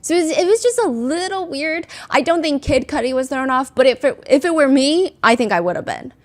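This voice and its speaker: A woman's voice: sits high, lively intonation, brisk. A woman hosting casual commentary, recapping a trial in a chatty way with many filler words and acted-out quotes.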